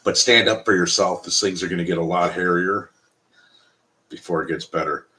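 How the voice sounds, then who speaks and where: A man's voice: low voice, fairly even intonation, moderate pace, pushed and bright, a little hiss or hum. A Canadian man hosting a casual live stream, talking bluntly and profanely in a rambling way.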